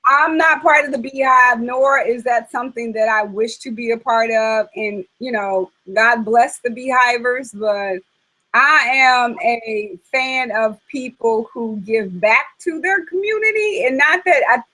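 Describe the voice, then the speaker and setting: A woman hosts a relaxed conversation, with a slightly high voice. She chats in a lively, animated way and fills her talk with ums and likes. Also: measured pace, rough recording. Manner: chatty, animated, many fillers. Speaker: host. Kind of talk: casual chat.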